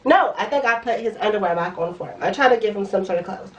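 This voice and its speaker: A woman's voice: medium pitch, lively intonation, quick pace, muffled recording. A young woman vlogger telling a blunt, profane story in casual slang, recorded in her room. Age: young adult. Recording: voice a bit far from the mic.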